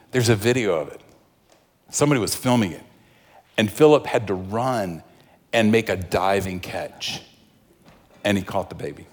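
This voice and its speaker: A male pastor preaching a sermon, swinging between fervent outbursts and hushed, intimate pleas. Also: medium pitch. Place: church sanctuary. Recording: long reverb of a large hall.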